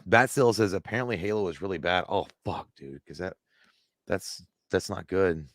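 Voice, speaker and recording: Live-stream co-host, male, lowish voice, dry close sound; casual, profane, rambling. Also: normal speed, fairly bright tone, no echo. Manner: loose, profane, rambling answers to chat. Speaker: live show co-host reading chat.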